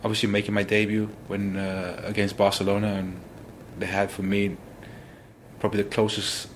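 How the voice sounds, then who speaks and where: A man, a former footballer, telling stories in an interview, animated and full of exclamations. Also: fairly low pitch, moderate pace, a little hiss or hum. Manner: animated, exclaims often, restarts sentences. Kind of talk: casual interview storytelling.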